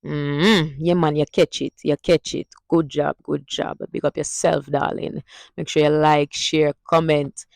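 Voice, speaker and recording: A Jamaican woman teaching phrases to her viewers in a vlog lesson, speaking at an unhurried, drawn-out pace. She says each phrase aloud and gets viewers to repeat it. Her voice is recorded dry and close, with no room sound. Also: sits low, flat delivery, vocal fry, darkish tone, dry recording. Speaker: language teacher.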